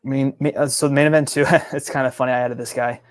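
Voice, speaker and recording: A man guesting on a fantasy baseball podcast, talking in an easygoing, halting way. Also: medium pitch, little pitch movement, dry recording. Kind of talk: casual fantasy baseball chat.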